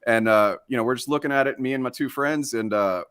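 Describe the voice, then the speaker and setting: A young man from South Texas rattles off a story at a quick clip, swearing freely and padding it with fillers. His voice sits mid-range and sounds close and dry, with no room around it. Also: medium pitch, fairly bright tone, clear, resonant tone, no room sound. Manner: rambling, profane, many fillers. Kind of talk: casual storytelling chat.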